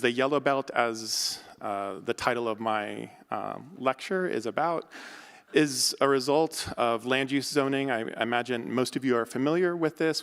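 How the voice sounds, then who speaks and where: Fast-talking American man lecturing in a hall. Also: medium pitch, fairly bright tone, clear, resonant tone. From United States. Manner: quick, loose delivery with frequent ums and uhs. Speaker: architect and academic lecturer. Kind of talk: conference lecture.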